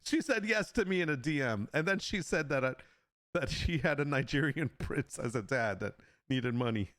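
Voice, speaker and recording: A man of middle pitch with a very lively, swooping voice, recorded close and dry with no room sound. He chats casually to his stream audience, laughing a lot and teasing with mock sales pitches. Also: normal speed, no echo. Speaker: livestream host and digital artist. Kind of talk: casual live stream chat.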